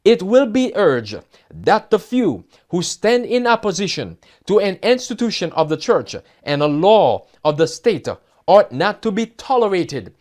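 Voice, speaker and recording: A man's voice: sits high, darkish tone. A man preaching a sermon, reading headlines and scripture quotes aloud and asking his listeners questions. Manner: emphatic, asks the audience questions. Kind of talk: sermon reading news and prophecy.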